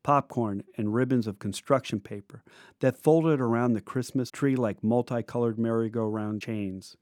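A man in his fifties from the United States reading his own memoir aloud in a reflective, measured, descriptive way. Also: medium pitch, darkish tone, dry recording, clean studio sound. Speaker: memoir narrator.

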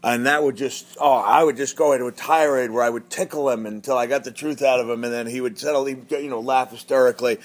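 Middle-aged guy rambling thru a story, lots of uhs and ums, medium pitch. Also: steady tone, quick pace, hardly any pauses. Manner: rambling, many fillers and restarts. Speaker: guest storyteller. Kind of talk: casual spoken anecdote.

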